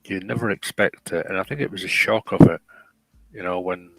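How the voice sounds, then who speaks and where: A middle-aged man in casual chat, rambling and halting with many restarts. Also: low voice, rough recording.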